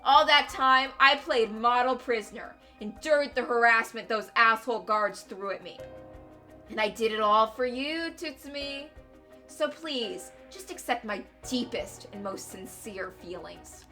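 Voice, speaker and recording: A woman's voice: a little high, unhurried, bright, forceful tone, faint music behind. A woman voicing a vengeful male ex-convict from a game, taunting and sneering with mock sweetness that turns to snarling threats. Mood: menacing. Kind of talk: reading a game aloud with voices.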